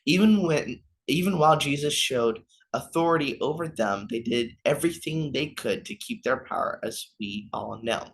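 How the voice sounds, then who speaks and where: A man's voice: mid-range voice, moderate pace, hardly any pauses. A young man, a youth minister, gives an informal devotional reflection, stumbling over names and apologizing as he goes.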